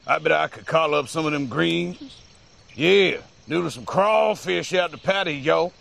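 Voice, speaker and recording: An actor playing a folksy army squad leader, drawling and bossy, in a gravelly voice. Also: male voice, fairly high pitch, measured pace, a bit bright, heavily acted. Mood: hearty.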